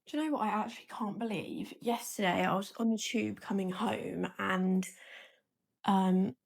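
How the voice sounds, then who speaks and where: A woman's voice: mid-range voice, moderate pace, gravelly. A young woman casually telling a long story to camera, rambling with many fillers and acting out both sides of a conversation. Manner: chatty, rambling, filler-heavy retelling.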